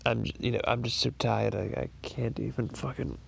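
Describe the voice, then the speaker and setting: A man's voice: medium pitch, brisk, gravelly, slight background noise. A man doing Stewie Griffin, groaning cartoon baby. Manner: crude, rambling, theatrical groaning. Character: scheming foul-mouthed cartoon baby boy. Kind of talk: improvised comedy impression podcast.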